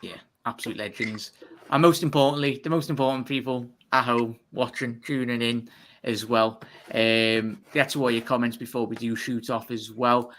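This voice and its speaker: A man hosting a fan live stream, talking fast and giving chatty shout-outs. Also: mid-range voice, fairly even intonation, slight background noise. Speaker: fan channel host. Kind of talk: live stream sign-off chat.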